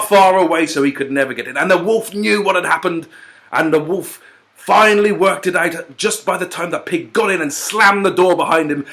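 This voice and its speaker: A man telling a fairy tale in a playful, animated way with chatty asides. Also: fairly high pitch. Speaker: storyteller.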